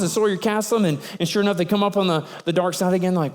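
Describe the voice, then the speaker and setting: A man preaching a sermon, telling the story in an animated way and acting out the sailors' lines. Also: high-pitched, racing, few pauses, clear, resonant tone, in a large hall. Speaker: pastor.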